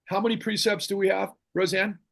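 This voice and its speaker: A man's voice: high voice, flat delivery, a little fast, creaky, a bit bright. A middle-aged man hosting a podcast, ranting about politics in a fiery, rambling way with many restarts. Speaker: podcast host. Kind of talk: impassioned political talk.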